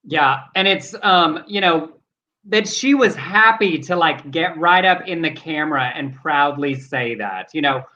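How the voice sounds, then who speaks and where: Earnest male co-host, bright voice, muffled lo-fi line. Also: a little high, lively intonation, unhurried. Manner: earnest, reflective. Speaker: talk show co-host. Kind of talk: casual news chat.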